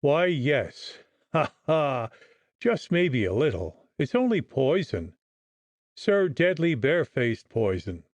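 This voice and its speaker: A man's voice: medium pitch, very animated, measured pace, no room sound, lo-fi sound. A man reading the part of an irritable, sneering male doctor who scolds with biting scorn.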